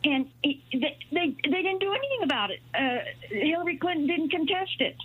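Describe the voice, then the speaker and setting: A woman calling in to a radio talk show, rambling and halting with many fillers. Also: high voice, sing-song. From New Mexico. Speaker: caller. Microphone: telephone. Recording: tinny phone line.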